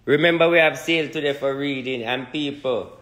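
A man with a Jamaican accent, rambling and joking in a casual live talk, breaking into laughter and loud shouts. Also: medium pitch, brisk, echoey room. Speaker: spiritual reader.

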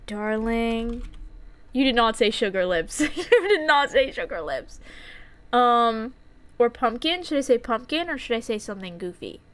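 Giggly young woman streamer, high voice. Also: measured pace. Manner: excitable, giggly, chatty. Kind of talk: live game stream chat.

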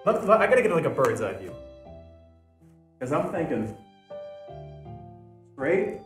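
A high-voiced man chatters on stream with lots of swearing and sudden loud outbursts. His pitch swings all over, and the room around him is echoey. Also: sing-song, measured pace, recorded from a distance, faint music behind.

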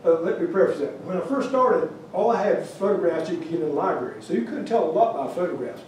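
A man's voice: high voice, animated, fast talker, a little mellow, slight background noise. A man giving a humorous, rambling storytelling lecture about his carving at a museum, with many restarts. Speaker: wildlife carver giving a talk. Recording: echoey room, mic far off.

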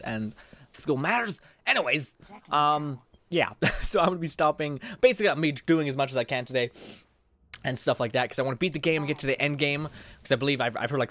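A man's voice: mid-range voice, a bit bright. Chatty young gamer guy. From Canada. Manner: rambling and chatty, lots of fillers and swearing. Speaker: gaming channel host. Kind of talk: casual let's-play commentary.

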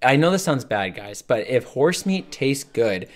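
A man's voice: medium pitch, very animated, a little slow. A man co-hosting a casual podcast, rambling through anecdotes and acting out the lines of people he met. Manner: rambling, acts out quoted exchanges. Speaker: podcast co-host. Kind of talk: casual chat.

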